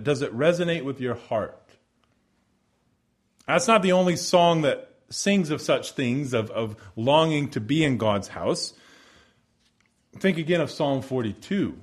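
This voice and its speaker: Earnest male preacher, measured cadence. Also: mid-range voice. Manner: earnest preaching cadence, slows for emphasis, reads scripture aloud. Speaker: pastor. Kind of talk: sermon.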